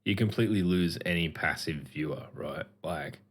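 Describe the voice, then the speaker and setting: A very low-pitched Australian man chatting casually on a gaming podcast. He rambles along in a relaxed, sweary way, full of restarts and asides. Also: moderate pace, breathy edge. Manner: sweary, laid-back, rambling. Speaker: podcast host. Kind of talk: casual chat.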